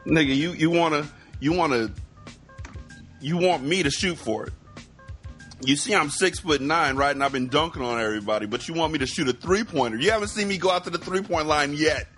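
A man co-hosting a podcast, telling stories in animated casual chat and acting out sounds. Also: a little high, fairly quick, soft background music. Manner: animated storyteller, acts out sounds. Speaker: podcast co-host.

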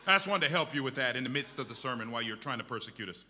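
A man's voice: medium pitch, lively intonation, very fast, bright, forceful tone, big-room sound, a little hiss or hum. A male pastor preaching a sermon with impassioned, repetitive exhortations.

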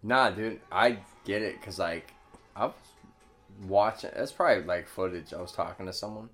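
A man's voice: low voice, normal speed, fairly bright tone, faint music behind. A young man hosting a casual podcast at home, laid-back and swearing freely. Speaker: podcast host. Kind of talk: casual chat.

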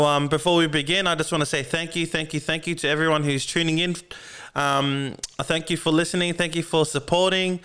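A man's voice: fairly high pitch, fairly bright tone, clean tone. A man in his twenties with an Australian accent, hosting a casual podcast in a laid-back, joking way, full of ums and the odd swear word. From Melbourne, Australia. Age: 20s. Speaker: podcast host. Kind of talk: casual chat. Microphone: podcast microphone through a mixing console.

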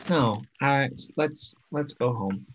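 A man's voice: medium pitch, takes it slowly, slight background noise. A man co-hosting a podcast in casual chat, playful and jokey. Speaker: podcast co-host.

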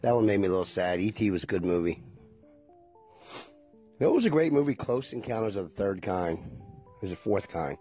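A man's voice: lowish voice, animated, a little fast, long pauses, warm tone, soft background music. A man in his forties chatting casually to viewers, rambling and nostalgic and swearing freely.

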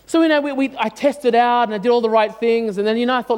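Animated storyteller in his forties; bright high voice in a reverberant hall. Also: fast talker, few pauses, clear, resonant tone. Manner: animated, self-mocking, many fillers. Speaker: speaker addressing an audience. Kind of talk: storytelling talk.

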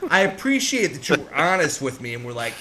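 A man's voice: a little high, fast, noisy background. A man co-hosting a casual podcast, telling a rant story with lots of swearing and acting out both sides of a conversation. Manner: profane, animated, acts out both sides of a conversation. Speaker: podcast co-host.

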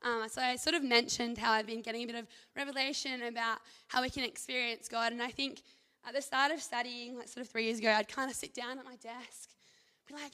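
Bright, high-voiced young woman. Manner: enthusiastic, animated, talks in quick bursts. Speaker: Christian university student speaker. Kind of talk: casual devotional talk.

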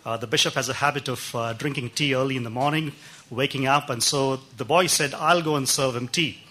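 Bright-voiced man telling sermon stories. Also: mid-range voice. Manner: warm anecdotal storytelling with pauses and fillers. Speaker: pastor. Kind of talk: sermon storytelling.

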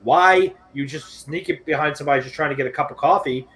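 A man's voice: a little high, fast talker, a bit bright, low-quality recording. Sardonic, profane male podcast co-host. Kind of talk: casual podcast chat.

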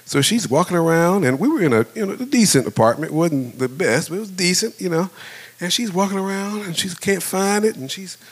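A middle-aged male pastor in the pulpit, talking to his congregation like old friends. His delivery is loose and animated, with sudden jumps up in pitch as he acts out the story, and he laughs often. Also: fairly quick, husky. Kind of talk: storytelling sermon.

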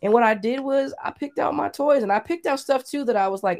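A woman's voice: high-pitched, brisk, a little mellow. A woman co-hosting a podcast, telling a heartfelt personal story in casual chat, saying "like" often. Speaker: podcast co-host.

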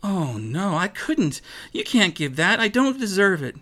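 A man's voice: sits high, very animated, unhurried, a bit bright, voice pushed up, heavily acted. A man voicing a shy, embarrassed new girl at school in a read-aloud story.

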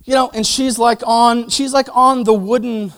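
A man with a notably high voice delivers a sermon to his congregation. He is animated and conversational, acting out quoted voices and dropping from loud, emphatic lines to near-whispers. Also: normal speed. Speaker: pastor.

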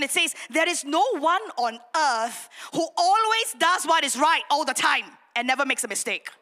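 A young adult woman pastor, preaching a sermon with animated, self-mocking storytelling. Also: high voice. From Singapore.

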